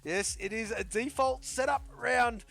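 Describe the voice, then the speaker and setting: A man's voice: very high-pitched, unhurried, vocal fry, fairly bright tone. A man hosting a sim racing league's post-race interviews, upbeat and chatty with friendly banter and repeated stock phrases. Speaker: league host interviewing drivers.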